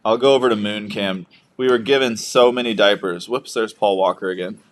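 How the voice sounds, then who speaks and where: Young man, fairly low voice, casual livestream host, jokey, reads out viewer comments. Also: brisk, slight background noise. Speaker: livestream co-host, new father.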